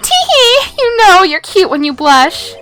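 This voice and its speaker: A woman's voice: extremely high pitch, sing-song, a bit bright, soft background music, voice pushed up, exaggerated voice. Woman playing a giggly flirty witness. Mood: teasing. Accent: slight put-on Southern. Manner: teasing, drawn-out giggly flirting.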